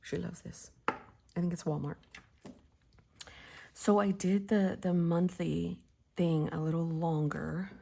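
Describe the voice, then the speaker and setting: Woman, forties, casual planner chat, giggly, low gravelly voice. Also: steady tone, takes it slowly, long pauses. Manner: giggly, chatty, often drops to a soft whisper. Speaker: planner vlogger. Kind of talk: casual chat while crafting.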